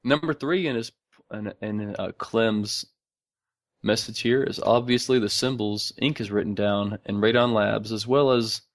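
Monotone podcast co-host, dry room. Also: male voice, lowish voice, a little slow, no echo. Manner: self-described monotone, laughs often. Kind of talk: casual chat.

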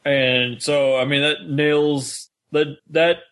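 A man's voice: on the high side, fairly even intonation, a bit bright. Chatty male podcast co-host. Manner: chatty, quick to laugh. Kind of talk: casual chat.

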